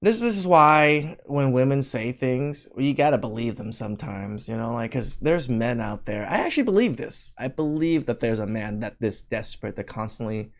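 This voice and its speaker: A man hosting a podcast, reacting to a clip with casual commentary and quick interjections. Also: medium pitch.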